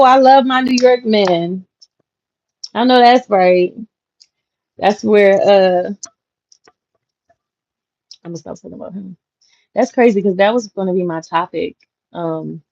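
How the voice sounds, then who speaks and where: A woman's voice: fairly low pitch, a little mellow, dry recording. Casting: young woman, laughing livestream host, dull dry home mic audio. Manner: chatty, laughs often, talks to viewers directly. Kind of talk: casual live chat reading comments.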